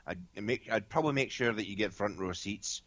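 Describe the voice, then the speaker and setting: A man's voice: on the low side, brisk, fairly bright tone, no echo. Rambling Scottish man, dull lo-fi sound. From Scotland. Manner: rambling storyteller with many restarts and fillers. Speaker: guest medium. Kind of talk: casual podcast chat.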